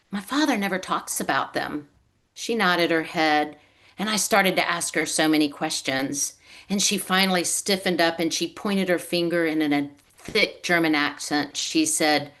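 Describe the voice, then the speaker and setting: Brief: woman author with a low voice, on a video call, storytelling delivery. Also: measured pace, fairly bright tone. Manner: storytelling, acts out quoted relatives. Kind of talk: reading prepared remarks on a video call.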